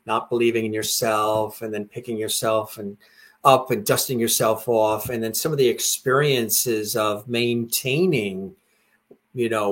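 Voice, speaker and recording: A man hosting an interview, asking long, affirming, rambling questions. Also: fairly low pitch. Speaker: interview host.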